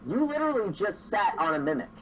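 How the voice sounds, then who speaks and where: A man's voice: high voice, big pitch swings, quick pace, a loud crowd, poor audio. A man running a tabletop game as game master, narrating casually with a lot of restarts. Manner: casual, rambling, laughs often.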